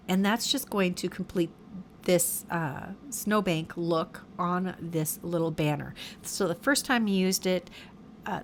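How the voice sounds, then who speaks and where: A woman's voice: on the low side, a little hiss or hum. A woman hosting a card-making tutorial, narrating each step in a casual, chatty way and often correcting herself mid-sentence. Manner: chatty, self-correcting, fond of her materials.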